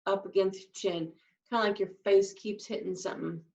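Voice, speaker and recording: A woman's voice: medium pitch, steady tone, brisk, creaky, darkish tone, reverberant. A woman teaching sign language, patiently explaining each sign step by step. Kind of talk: slow, patient instruction. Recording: dull lo-fi sound, from a distance.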